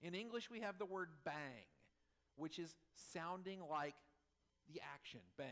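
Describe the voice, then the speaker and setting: A middle-aged man preaching a sermon as pastor, animated, swinging between loud emphasis and soft asides with chuckles. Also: fairly high pitch, normal speed.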